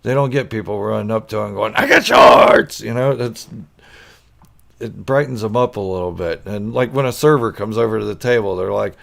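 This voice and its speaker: A man's voice: lowish voice, brisk, vocal fry. A man hosting a casual live chat, goofy and laughing often while he answers viewers' comments. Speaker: channel host chatting with live viewers.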